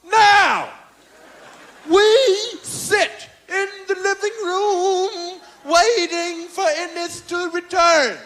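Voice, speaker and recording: High-pitched male comic, crude and shouty storytelling, live hall sound. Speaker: stand-up comedian. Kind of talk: stand-up comedy storytelling. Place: stage before a live crowd in a hall. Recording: hall reverb with faint crowd.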